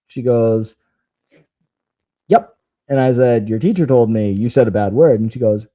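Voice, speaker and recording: A man's voice: mid-range voice, normal speed, long pauses, mellow, no room sound. A man in his thirties co-hosting a podcast, telling family stories in casual chat and laughing at himself. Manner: laughs while telling stories, self-deprecating. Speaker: podcast co-host.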